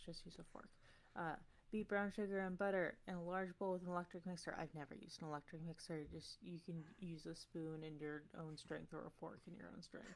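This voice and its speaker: Sleepy, deadpan woman reading a recipe. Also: fairly low pitch. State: just woken up. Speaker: tournament competitor giving a promo. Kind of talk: rambling, offhand recipe reading.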